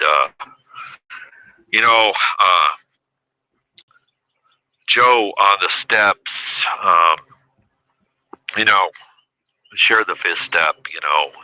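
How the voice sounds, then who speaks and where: A man in his fifties speaking as an interview guest, drifting through his story with constant fillers. His voice is low and pushed hard, with a tense edge. The sound is close and dry, with no room around it. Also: bright, forceful tone, no echo, low-quality recording. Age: 50s. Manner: rambling, heavy with "you know" and "uh". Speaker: podcast guest.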